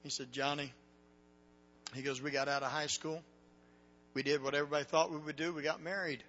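A man preaching a sermon, telling a story with dramatic swings from hushed tones to loud cries. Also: fairly high pitch, level tone, brisk, big-room sound. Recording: dull lo-fi recording with faint hum.

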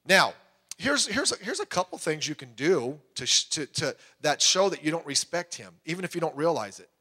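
A middle-aged man preaching a sermon as pastor, animated and acting out quoted voices with sudden jumps in pitch. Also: fairly quick, slightly rough.

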